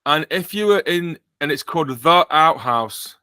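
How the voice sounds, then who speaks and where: A man's voice: a little high, animated, a little slow, pushed and bright, smooth, dry recording. A British man hosting a podcast in casual chat, joking and rambling with frequent self-corrections. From Britain. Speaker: podcast host.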